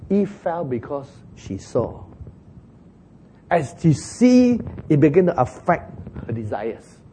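A man preaching a sermon in an animated way, chuckling as he talks and acting out the lines he quotes. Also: mid-range voice, a little hiss or hum. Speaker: pastor.

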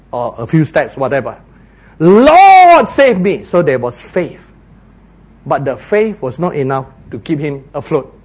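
A male preacher delivering a sermon with a high, very lively voice. He takes his time and drags out words for drama. He bursts into shouts when he acts out the people in the story. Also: slightly rough.

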